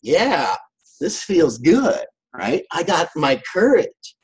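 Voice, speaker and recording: A timid, cowardly lion who frets and whines, as a man acts him out. The voice swings up and down and has a breathy, husky grain. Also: on the high side, sing-song, slow, exaggerated voice. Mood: fretful. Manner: whiny, unsure.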